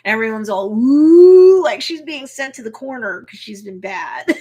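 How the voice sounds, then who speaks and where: A woman's voice: a little high, slightly rough. A woman, an attorney, casually recapping an episode on a live stream, talking loosely with many fillers. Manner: briefly acts out quotes. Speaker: attorney hosting a reaction show.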